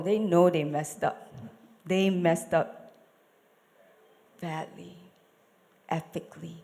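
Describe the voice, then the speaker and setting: Slow, dramatic woman preacher. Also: lowish voice, a little mellow, big-room sound. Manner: dramatic, asks the audience questions. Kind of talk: storytelling sermon. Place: church.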